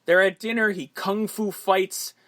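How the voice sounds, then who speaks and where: A man co-hosting a podcast in casual movie-review chat, briskly summing up the plot beat by beat. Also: high voice, steady tone, fairly bright tone, no room sound. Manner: brisk plot-summary chatter. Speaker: podcast co-host.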